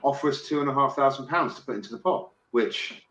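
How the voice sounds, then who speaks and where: Excitable swearing English man in a roomy space. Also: mid-range voice, quick pace. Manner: excitable, swears freely, stumbles and restarts. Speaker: podcast guest. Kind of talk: casual podcast chat. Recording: roomy with faint noise.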